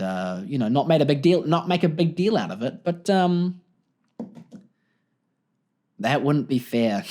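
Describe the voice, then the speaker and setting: Lively jokey New Zealand man. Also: medium pitch. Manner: jokey, rambling, laughs often. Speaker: podcast host. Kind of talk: solo podcast storytelling.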